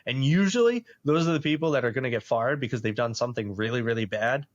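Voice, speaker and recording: A man's voice: medium pitch, quick pace, no room sound, muffled recording. A man, animatedly telling a personal story on a podcast and laughing often. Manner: animated, laughs often, acts out quoted voices. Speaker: podcast host. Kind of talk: casual storytelling.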